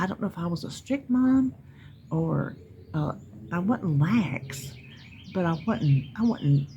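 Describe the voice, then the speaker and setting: Sitting out in her yard with birds chirping, this North Carolina vlogger, a middle-aged woman with a Southern accent, chats casually and folksily with her viewers. Her voice runs on the low side and sounds dark, with a little hiss or hum in the recording.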